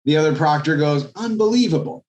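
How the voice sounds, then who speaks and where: A man, a real estate agent, telling an anecdote as a guest in a podcast interview, in a lively storytelling manner. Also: mid-range voice, moderate pace, dull audio, a little hiss or hum. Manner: animated anecdote telling, acts out quoted voices.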